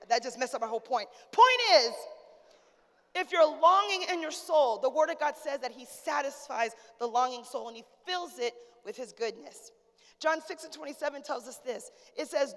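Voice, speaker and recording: A woman in her forties preaches from the pulpit in a high, lively voice, trading call-outs with her congregation. Her sermon has a relaxed, storytelling feel. The sound carries the long reverb of a church hall. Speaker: pastor. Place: church sanctuary.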